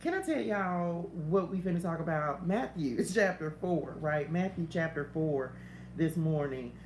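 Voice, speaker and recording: Her voice is low and somewhat dark, unhurried yet lively in its intonation, with a bit of background noise. She's a middle-aged woman hosting a chatty morning spiritual livestream by phone, often laughing and slipping into side stories in a roomy room with faint ambience.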